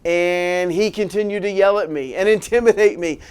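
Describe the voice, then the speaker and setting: High-voiced man telling a sermon story. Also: normal speed, smooth. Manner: animated storyteller, laughs often, restarts phrases. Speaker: preacher.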